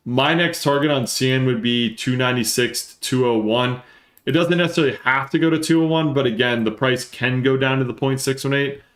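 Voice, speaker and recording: A man hosts a live stream and reads through charts as he talks. He speaks fast and gets excited, working things out aloud. His mid-range voice carries some room echo. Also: medium pitch. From northern New Jersey. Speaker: livestream host and market analyst.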